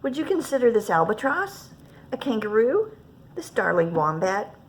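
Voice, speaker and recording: A woman's voice: fairly high pitch, sing-song, moderate pace, slight background noise. A woman reading a pushy shelter salesman. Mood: eager. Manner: eager salesman patter. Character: pushy male animal shelter keeper.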